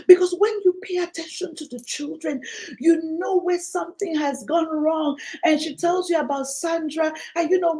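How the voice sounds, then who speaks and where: Emphatic high-voiced woman giving a talk. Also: normal speed, mellow, rough recording. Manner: emphatic, preachy, repeats key lines; acts out parents and children in quoted voices. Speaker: parenting speaker. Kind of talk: motivational conference talk. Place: conference venue.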